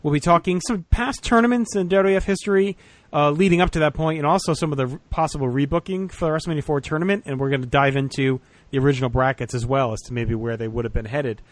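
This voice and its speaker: A man's voice: fairly high pitch, fast talker, no room sound. A man hosting a podcast in a casual, rambling chat full of fillers. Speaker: podcast host.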